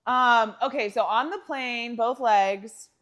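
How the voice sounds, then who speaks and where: Lively laughing woman podcast co-host. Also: a little high, takes it slowly. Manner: animated storyteller, laughs often, acts out quoted lines. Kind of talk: casual chat.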